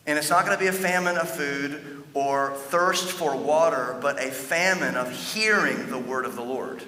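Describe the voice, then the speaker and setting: A male pastor preaches in a relaxed storytelling manner, repeating and restarting his words as he goes. His voice is fairly high and bright, carried by the long reverb of a big church auditorium. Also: moderate pace. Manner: conversational storytelling with frequent stuttered restarts. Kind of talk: sermon. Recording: echoey hall with long reverb.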